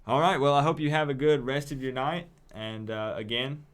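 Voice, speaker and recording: A man's voice: medium pitch, fairly even intonation, normal speed, a bit bright, smooth. A man from East Tennessee with its accent, hosting a livestream and taking calls in a hyped, friendly way, often repeating words. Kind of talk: casual livestream chat.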